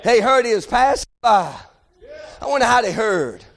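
A man preaching a fervent revival sermon to a congregation, often shouting and punctuating his points with amen and hey. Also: very high-pitched, lively intonation, moderate pace, vocal fry. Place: church service before a congregation.

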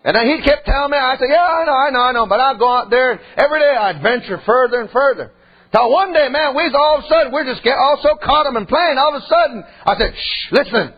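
A man preaching a sermon in a folksy, animated way, full of asides and questions to the congregation. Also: extremely high pitch, fast talker, breathy edge, muffled recording.

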